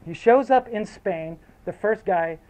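A man's voice: high voice, measured pace, darkish tone, rough recording. A man telling a story casually, rambling and swearing, with lots of fillers, then reading aloud.

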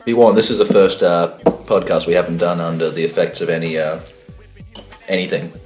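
A man's voice: sits low, fairly even intonation, a little fast, music in the background. A young man from Australia co-hosting a podcast in casual, rambling chat, often laughing and joking crudely. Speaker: podcast co-host.

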